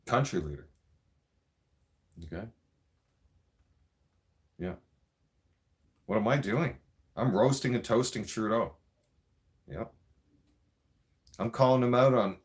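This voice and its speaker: A Canadian man delivering an angry, profane political rant in a vlog. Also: mid-range voice. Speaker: vlogger.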